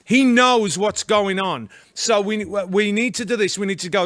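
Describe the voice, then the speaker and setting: A man's voice: high-pitched, moderate pace, fairly bright tone. A man with a British accent giving fervent, rallying political commentary. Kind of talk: political talk show chat.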